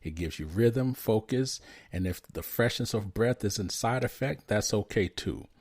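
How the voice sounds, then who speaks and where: A man hosting a podcast and interviewing a guest in a friendly, halting way with some restarts. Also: lowish voice, animated, darkish tone, no echo, studio quality. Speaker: podcast host.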